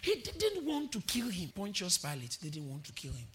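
A male pastor preaching a sermon, impassioned and often shouting, with call-and-response to the church. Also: high voice, wildly swooping pitch, normal speed. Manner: quotes verses then explains them.

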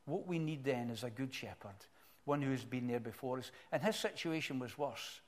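A middle-aged man preaching a sermon in an earnest, reflective way, often pausing and restarting his sentences. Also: medium pitch, lively intonation.

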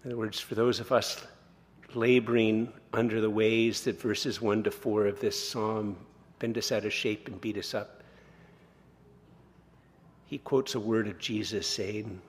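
A man in his sixties, a pastor preaching a sermon, conversational and self-deprecating, slowing down to read scripture. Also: fairly low pitch, fairly even intonation. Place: church sanctuary. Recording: long reverb of a church hall.

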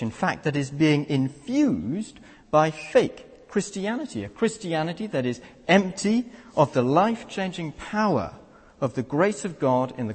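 A man's voice: on the high side, a little mellow, husky. A young man preaching a sermon in an earnest, rhetorical way, often closing points with tag questions. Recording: long reverb of a church hall.

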